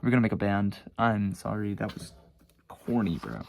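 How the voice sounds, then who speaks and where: A man's voice: lowish voice, animated, normal speed, creaky, a little mellow, a little hiss or hum. A teenage boy casually rambling about his own sketchbooks at home, swearing and mocking himself. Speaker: vlogger showing his sketchbooks. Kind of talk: casual chat.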